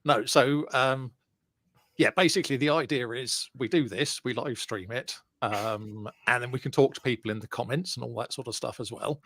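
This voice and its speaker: A laid-back man co-hosting a homemade podcast stream, explaining things in an easygoing way. His voice sits at a middle pitch, and the recording is dry and close, with no room sound. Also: moderate pace, a bit bright, no room sound. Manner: laid-back, explaining the setup, easy laughs. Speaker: podcast co-host. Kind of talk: casual chat. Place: home, streamed online. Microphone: webcam setup on live stream.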